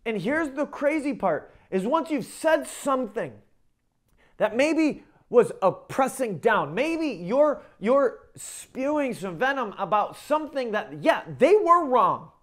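A man's voice: very high voice, very animated, slow pace, fairly bright tone. A middle-aged man, a pastor, giving a conversational sermon, often checking in with "okay?" and "right?" and repeating his phrases as he goes. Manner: repeats and restarts phrases while talking.

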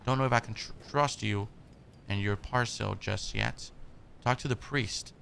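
Guy doing a scared shut-in neighbor who stammers and doesn't trust you, gravelly. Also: on the low side, unhurried, fairly bright tone, slight background noise. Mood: wary. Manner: stammering, wary. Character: frightened reclusive male tenant, shut in.

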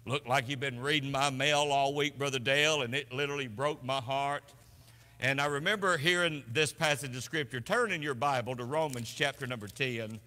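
A man preaching a sermon as pastor, swinging emphatically between loud declarations and hushed passages. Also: medium pitch, moderate pace. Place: church sanctuary. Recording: long church reverb.

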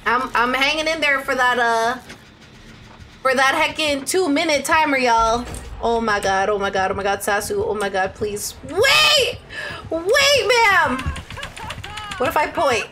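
A young adult woman streaming a game live, chatting excitably with her viewers and squealing as she plays. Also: high voice, measured pace, noisy background. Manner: excitable, squealing, talks to chat. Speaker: Twitch streamer.

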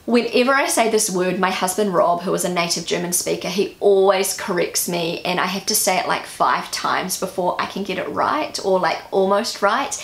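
Woman, New Zealand English accent, gravelly fry, casual vlog, self-critical, musing aloud, echoey room. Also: mid-range voice. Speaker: vlogger. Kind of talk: casual vlog, pronunciation practice.

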